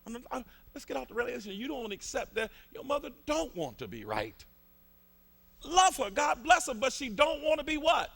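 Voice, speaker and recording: A man preaching a fervent sermon in a colloquial, repetitive style, rising to shouts at its peaks. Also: very high voice, sing-song, moderate pace, creaky.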